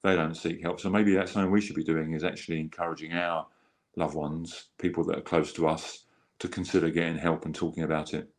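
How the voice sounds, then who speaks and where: A man's voice: low voice, level tone, brisk. A man telling his story as a guest in an earnest, rambling way, often restarting sentences and acting out quotes. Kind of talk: candid conversational storytelling.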